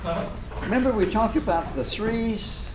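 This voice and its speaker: A man's voice: sits high, a little slow, very noisy. A man conducting a band rehearsal, counting off beats, scatting rhythms and making fussy, precise corrections. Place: rehearsal room with band playing. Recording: loud band music behind.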